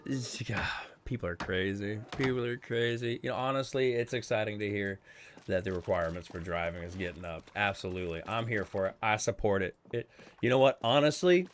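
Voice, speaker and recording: A man streaming a multiplayer game, chatting casually in a blunt, profane, rambling way, with animated loud riffs and quieter asides. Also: lowish voice, a little hiss or hum. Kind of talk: casual chat while streaming.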